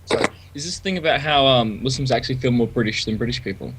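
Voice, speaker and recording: A man on an online panel who laughs along and drops in quick, wry interjections. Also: mid-range voice, heavy background noise. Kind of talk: casual panel discussion.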